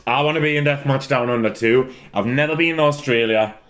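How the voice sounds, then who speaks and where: A wrestler casually answering fan questions alone, rambling, swearing freely and breaking into loud fits of laughter. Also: male voice, mid-range voice, a little fast. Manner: rambling, repeats words for comic effect. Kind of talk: solo casual chat.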